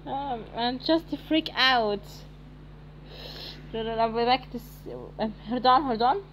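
A young woman from Egypt streaming a game, talking haltingly with many fillers and shrieking in surprise. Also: a little high, a bit bright, a little hiss or hum, low-quality recording. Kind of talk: live game commentary.

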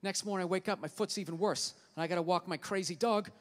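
A man's voice: high voice, quick pace, a little hiss or hum. An exasperated man rants his way through a stand-up set, swearing freely and building each complaint on the last. His voice carries the long reverb of a big hall, with a faint murmur of the crowd underneath. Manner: exasperated, profane ranting. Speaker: stand-up comedian. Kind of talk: stand-up comedy routine. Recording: live stage recording in a large hall.

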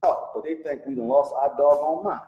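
A man's voice: a little high, brisk, mellow, reverberant, muffled recording. A man leading a Bible study, speaking emphatically and firing off rhetorical questions. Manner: calls the reader brother. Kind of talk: animated religious teaching.

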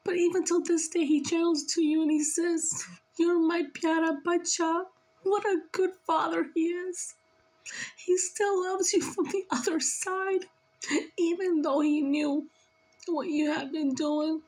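A woman's voice: very high-pitched, fairly even intonation, a little slow, a little mellow, rough recording. A tearful woman giving an emotional spiritual reading, talking in an earnest, scolding and pleading way. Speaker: spiritual reader.

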